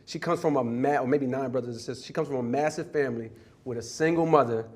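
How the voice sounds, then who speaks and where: A man's voice: medium pitch, fast. A man telling a childhood story in a casual interview, rambling and restarting often. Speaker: interview guest. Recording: played clip.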